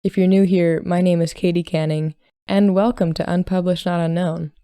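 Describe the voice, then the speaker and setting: A woman hosting a podcast who reads a short story aloud in calm, measured scripted narration. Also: on the low side, clean tone, no echo, clean studio sound. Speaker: podcast host and story reader.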